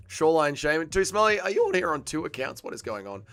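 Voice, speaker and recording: A man hosts a live fight watch-along stream, reacting loudly and chatting with viewers. His voice is bright and clear, on the higher side, and swings in pitch. The sound is dry and close, with faint music under it. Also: rapid-fire, hardly any pauses, dry recording. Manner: excitable, banters with chat, swears freely. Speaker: livestream host.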